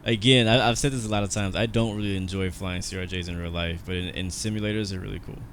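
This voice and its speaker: A man's voice: sits low, steady tone, fast talker, a little hiss or hum, poor audio. An American man chatting casually and rambling through live commentary on his flight sim stream, talking to his viewers.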